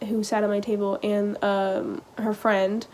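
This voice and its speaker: A teenage girl vlogging, telling a personal story in a halting, casual way full of "like" and "um.". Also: medium pitch, level tone, a little mellow, slight background noise. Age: teens. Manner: hesitant, halting, heavy use of "like" and "um".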